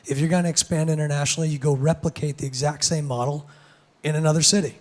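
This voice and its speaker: Hoarse gravelly man giving a talk. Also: on the high side, steady tone, quick pace, darkish tone. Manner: casual, many fillers and restarts. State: hoarse, lost voice. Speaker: conference speaker. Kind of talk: keynote talk. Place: conference main stage.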